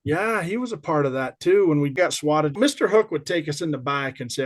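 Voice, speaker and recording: A man in his fifties spins lively anecdotes as a podcast guest. His pitch sits a little high for a man, and he talks in an easy, laughing, conversational way. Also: a little fast, few pauses. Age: 50s. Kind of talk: casual storytelling chat.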